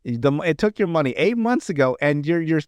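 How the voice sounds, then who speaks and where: A man hosting a casual podcast, recounting stories in a loose, rambling way full of swearing and chuckles. His voice sits fairly high for a man. The sound is dry and close, with no room echo. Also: lively intonation, fairly quick, darkish tone, smooth. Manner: rambling, profane, laughing storyteller. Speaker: podcast host. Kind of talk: casual chat, recapping comedy sketches.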